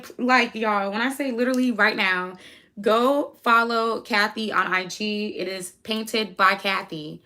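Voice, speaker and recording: A woman's voice: mid-range voice, a bit bright. Chatty young American woman streaming live. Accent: American English. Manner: chatty, sidetracked, reads chat aloud. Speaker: livestream host. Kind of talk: casual livestream chat.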